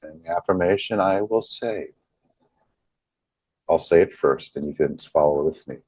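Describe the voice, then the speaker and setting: A man leading a group healing session over a video call, speaking slowly and deliberately and softly repeating affirmations. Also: low-pitched, husky, no echo.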